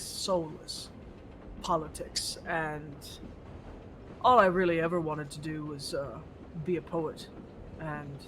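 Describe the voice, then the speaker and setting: A man's voice: a little high, background noise. A man voicing a jovial older male courier who is tired of politics and talks readily. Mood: weary.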